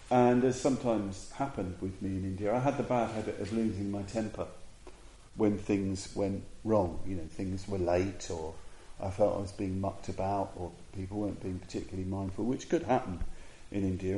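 Low, mellow-voiced Buddhist teacher in a roomy space. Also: male voice. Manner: reflective storytelling with frequent pauses and restarts. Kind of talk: Dharma talk.

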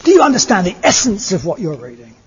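A man's voice: sits high, wildly swooping pitch, fast, slight background noise, voice pushed up. A man voicing a blunt, scolding old hag spirit in a told story. It is recorded in an echoey hall with dull, lo-fi sound. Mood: challenging.

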